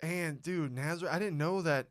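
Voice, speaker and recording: A former fighter co-hosts a casual podcast in a clean studio recording with no room sound. His voice is fairly high and his speed normal, and he talks animatedly, swearing often and acting out scenes as he tells them.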